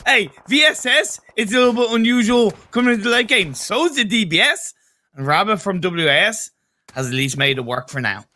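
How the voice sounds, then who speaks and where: An Irish man gives easygoing, analytical colour commentary on a live esports match. His voice is high for a man, and his tone is bright and forward. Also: animated, fairly quick. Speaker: esports co-caster.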